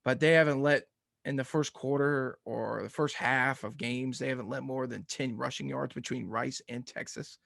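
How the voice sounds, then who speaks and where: A man's voice: mid-range voice, steady tone, normal speed, creaky, fairly bright tone, no echo, clean studio sound. A man co-hosting a casual sports podcast, ranting with energy and laughing often. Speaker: podcast co-host.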